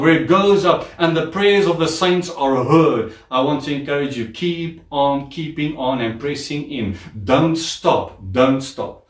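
A man preaching a sermon as pastor, calling on the congregation to repeat words aloud and repeating phrases for emphasis. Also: on the high side. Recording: echoey room, voice from far off.

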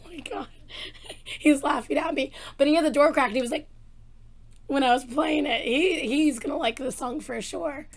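A woman hosting a music reaction video, excitable and gushing, her voice a bit rough, talking at home. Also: high voice, normal speed. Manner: gushing, excitable, exclaims often. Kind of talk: casual reaction commentary. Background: faint song playing.

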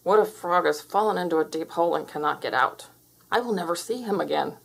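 A woman's voice: fairly low pitch, brisk, creaky, husky, poor audio. A woman voicing an anxious male toad in a children's storybook, asking worried questions.

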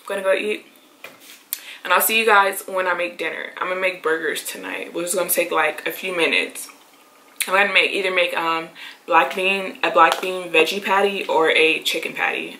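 A woman's voice: lowish voice, fairly even intonation, normal speed, pauses often, sharp tone, slight background noise, low-quality recording. A young woman vlogging casually at home, chatty and rambling and laughing often. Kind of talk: casual vlog talk to camera.

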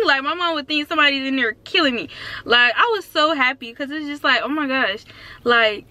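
A young woman of about nineteen, chatting excitedly in a casual vlog from inside her car, with lots of "like" and "um". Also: sits high, moderate pace. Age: around 19. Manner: excitable and chatty, full of fillers like "like" and "um". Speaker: vlogger.

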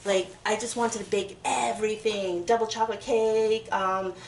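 A young woman rambles and giggles as she bakes. Her voice bounces around an echoey home kitchen. Knife chopping and clattering dishes are clearly heard behind her. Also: medium pitch, steady tone, normal speed, a little hiss or hum. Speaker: vlogger. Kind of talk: casual kitchen chat while baking. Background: chopping and clinking dishes.

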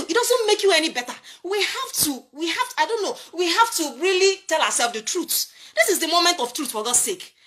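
A woman's voice: high-pitched, sharp tone. A Nigerian woman giving an impassioned commentary monologue, emphatic and preachy, full of rhetorical questions. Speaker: political commentator.

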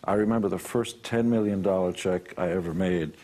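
A man's voice: sits low, a little fast, dark tone. A man being interviewed on a television talk show, talking in a blunt, preachy way with the odd self-mocking laugh. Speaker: interview guest. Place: television studio.

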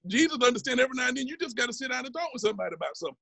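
Bishop host: raspy, higher-voiced man, heartfelt and conversational. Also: big pitch swings, rapid-fire, pushed and bright, no room sound. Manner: emotional, heartfelt. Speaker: bishop hosting a ministry talk. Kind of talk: conversational ministry teaching.

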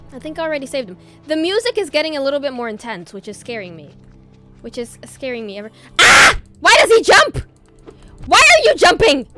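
A woman with a high, somewhat bright voice streams a video game, chatting along and letting out startled shrieks. Faint game music plays behind her live commentary.

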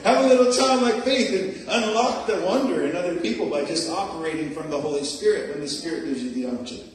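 A middle-aged male preacher giving an animated, laughing sermon in a church, often calling out "Amen?" to the congregation. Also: high-pitched, fast, slight background noise. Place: church sanctuary. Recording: very echoey room, voice picked up from a distance.

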